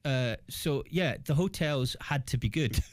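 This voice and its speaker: A Scottish man, a comedian guest on a talk show, telling animated comic stories and acting out the people in them. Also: mid-range voice, unhurried, no echo. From Scotland. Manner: animated, acts out dialogue with voices. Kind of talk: comic storytelling.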